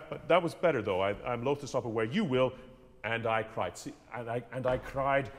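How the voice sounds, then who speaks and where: A man runs a vocal masterclass from the stage of a theatre. He talks his student through each phrase and acts the lines out himself to show what he means. His voice carries a long hall reverb. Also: medium pitch. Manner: animated, demonstrates lines by half-singing them. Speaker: vocal coach leading a masterclass. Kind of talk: masterclass coaching.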